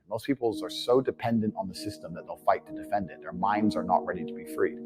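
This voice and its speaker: A man's voice: lowish voice, a little mellow. A man giving a motivational monologue about money, blunt and brash, swearing freely and acting out the people he quotes. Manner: brash, blunt and profane, acts out quoted dialogue. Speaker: entrepreneur speaking on money.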